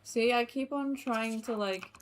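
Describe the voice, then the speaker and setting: A young woman with an Australian accent chatting casually while streaming a game, laughing often and filling pauses with ums and likes. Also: on the high side, soft background music. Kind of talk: casual gameplay commentary.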